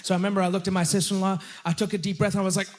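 A man performing a stand-up comedy set, telling stories with animated, self-deprecating punchlines. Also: high voice, rapid-fire. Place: comedy venue with live audience.

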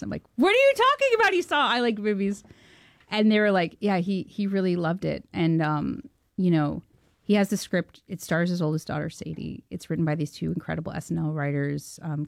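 A Canadian woman filmmaker, a guest in an interview, telling a story with excitement and acting out the voices of the people she quotes. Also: low voice, brisk, vocal fry, dry recording. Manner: excitable, laughing often, acting out quoted dialogue.

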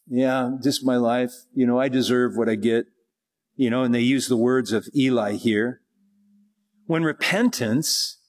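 A man preaching a slow, reflective sermon, reading scripture aloud and explaining it in an informal way. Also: fairly high pitch, slightly rough.

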